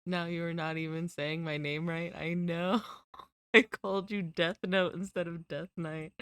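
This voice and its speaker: A woman's voice: on the low side, fairly even intonation, a little slow, a bit bright, smooth, no echo. A woman streamer chatting casually with her viewers, rambling and giggling at herself. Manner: giggly, rambling, self-deprecating.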